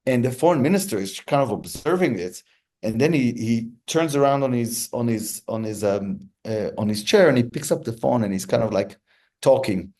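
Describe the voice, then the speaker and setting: Interviewed about his work as a hostage negotiator, a man tells stories thoughtfully at a relaxed pace, restarting himself many times. His voice sits at a medium pitch and moves at a moderate speed.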